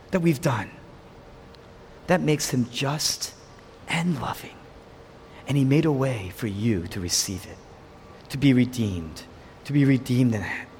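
A man preaching a sermon, swinging between loud exclamations and hushed whispers, asking his listeners rhetorical questions. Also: on the high side, creaky, a little hiss or hum. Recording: long hall reverb.

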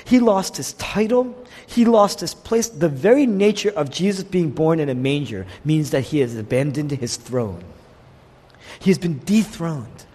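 Male pastor, impassioned sermon, very lively pitch, echoing church hall. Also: measured pace, husky. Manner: impassioned, swinging between loud peaks and hushed lows.

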